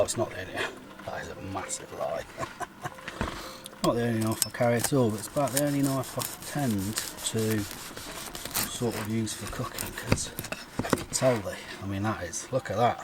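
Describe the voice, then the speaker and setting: A man's voice: fairly low pitch, noisy background. A man chatting while he cooks pasta at a forest car camp, joking at his own expense and rambling with the odd swear. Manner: self-mocking, rambling, swears lightly. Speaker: vlogger. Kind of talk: casual talk while cooking. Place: forest campsite by a car, outdoors.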